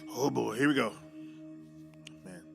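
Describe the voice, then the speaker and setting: A man's voice: medium pitch, unhurried, vocal fry, music in the background. A man hosting a watch-along, talking loosely and musing, with short exclamations. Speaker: reaction video host. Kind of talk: casual reaction commentary.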